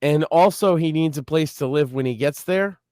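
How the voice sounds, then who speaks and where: A man's voice: on the high side, normal speed, darkish tone, no room sound, clean studio sound. A man co-hosting a podcast in casual chat, ranting emphatically and swearing as he tells a story. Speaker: podcast co-host.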